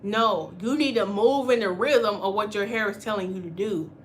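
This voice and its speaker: A woman hair stylist hosting a casual spoken class on hair care, talking in an animated, chatty way and acting out the voices of people she quotes. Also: mid-range voice, normal speed, slight background noise. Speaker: natural hair stylist and channel host.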